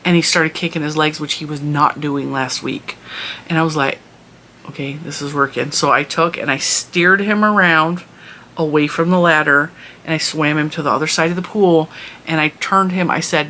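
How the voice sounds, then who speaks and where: A woman's voice: deep voice, fairly even intonation, moderate pace, sharp tone, a little hiss or hum. A woman telling a long story in a casual vlog, chatty and rambling with lots of restarts. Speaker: vlogger and mother.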